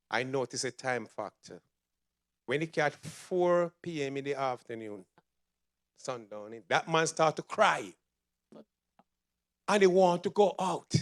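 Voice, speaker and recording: Man, church member giving testimony; higher voice, animated storyteller. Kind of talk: spoken testimony. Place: church sanctuary.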